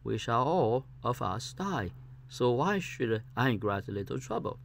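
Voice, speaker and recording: A man's voice: medium pitch, sing-song, unhurried, gravelly, a little hiss or hum. A man voicing a kind young peasant servant in a story reading, speaking in a hearty, willing way. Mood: reassuring.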